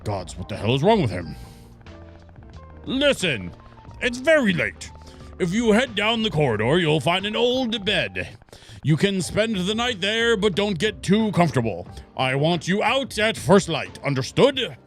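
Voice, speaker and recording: A man plays a haughty ancient boggart who guards a tavern in the shape of a cat, scolding and theatrical. The voice swings widely up and down as it lectures. Soft background music plays under it. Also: high-pitched, big pitch swings, measured pace, pitched above the performer's own voice, exaggerated voice. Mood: grumpy. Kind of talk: voicing game dialogue while streaming.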